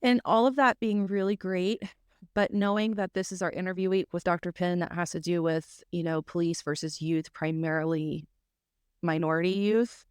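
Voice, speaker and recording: A woman, co-hosting a podcast with chatty, quick reactions. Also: lowish voice, steady tone, smooth, dry recording, studio quality. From South Mississippi. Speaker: podcast co-host. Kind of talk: casual podcast chat.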